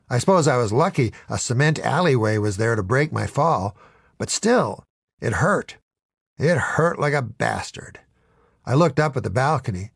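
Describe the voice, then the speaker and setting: A man narrates a comic first-person tale with a deadpan, mock-dramatic delivery. His voice has a gravelly grain and his intonation swings widely. The recording is close and dry. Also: mid-range voice, no echo. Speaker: storyteller.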